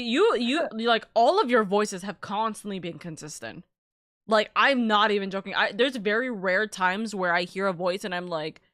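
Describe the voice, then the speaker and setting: A woman's voice: mid-range voice, a bit bright, dry recording, studio quality. A young adult woman hosting a live stream, chatting casually in a rambling way, with lots of filler and cursing. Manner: rambling, swears freely, many "like"s. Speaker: streamer host.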